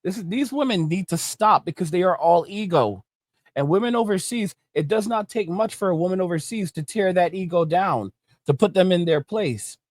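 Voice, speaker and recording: A man rants and preaches as the host of an online commentary show, his voice sitting a little high for a man. He lectures with a mocking edge. The recording is dry and close, with no room sound. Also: lively intonation, moderate pace, no echo.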